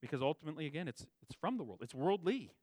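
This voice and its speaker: A man delivers a sermon in a somewhat high voice, recorded dry and close with no room sound. He repeats and rephrases his points, leaning hard on stressed words before dropping low and soft. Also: big pitch swings, racing, no room sound. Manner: emphatic, swings between raised stresses and quiet low asides; repeats and restates phrases for emphasis. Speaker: pastor.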